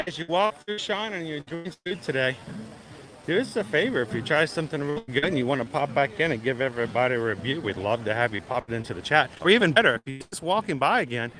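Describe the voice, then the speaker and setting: A chatty, upbeat man hosts a live stream outdoors, talking straight to his viewers as he goes. His voice sits at a middling pitch. Steady outdoor noise and background bustle run under the whole recording. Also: quick pace. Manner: chatty, upbeat, addresses the chat directly. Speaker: livestream host. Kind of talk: casual live-stream chat. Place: outdoors at a busy theme park. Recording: noisy outdoor ambience.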